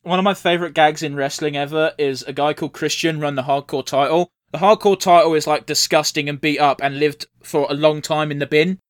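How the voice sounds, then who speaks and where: Casual co-host, high-pitched man, sweary and jokey, dry close sound. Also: steady tone, clear, resonant tone, no echo. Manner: sweary, joking, quick to laugh. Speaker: co-host watching a cartoon. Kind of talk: casual reaction chat.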